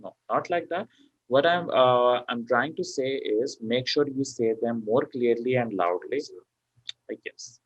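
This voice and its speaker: Male tutor, mid pitch, running an online lesson with lots of fillers; dry, muffled call audio. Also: unhurried, no room sound. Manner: explains step by step with many fillers like okay and you know. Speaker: PTE exam tutor. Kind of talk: online class lecture.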